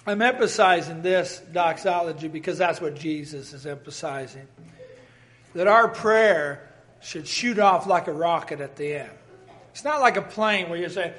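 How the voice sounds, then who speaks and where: High-voiced, exuberant male preacher. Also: fairly bright tone. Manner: exuberant, exclaiming, conversational preaching. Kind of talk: sermon.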